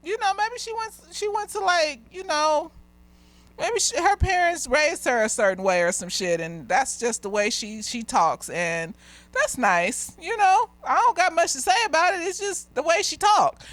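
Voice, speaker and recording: Lively, frank woman chatting a TV review. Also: high voice, a little slow, dry recording. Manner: candid, profane and chatty, laughs often. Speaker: therapist reviewing a TV episode. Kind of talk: casual tipsy review chat.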